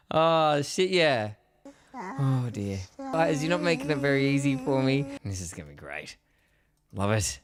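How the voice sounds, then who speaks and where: A man's voice: medium pitch, sing-song, slow pace, pauses often. A tired man chatting casually on a live stream while he records a song in a home studio, joking at his own expense and swearing often. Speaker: musician streaming a songwriting session. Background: loud music from the track being recorded.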